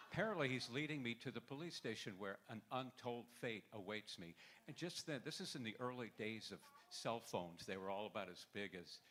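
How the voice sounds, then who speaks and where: A man telling a wry, halting anecdote at a memorial gathering. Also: lowish voice, a bit bright, slight background noise. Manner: wry, anecdotal, with stammering restarts. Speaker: memorial speaker telling a story. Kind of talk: storytelling at a memorial. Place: event hall with audience.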